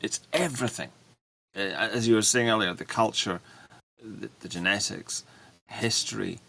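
Man, low gravelly voice, halting and full of restarts; unscripted guest chat. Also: pushed and bright. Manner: halting, many restarts and fillers. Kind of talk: livestream political discussion.

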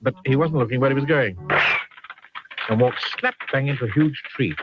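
A man reading a children's picture book aloud with a very expressive, swooping delivery. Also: mid-range voice, normal speed, loud music behind the voice. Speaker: storyteller. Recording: dull lo-fi sound.

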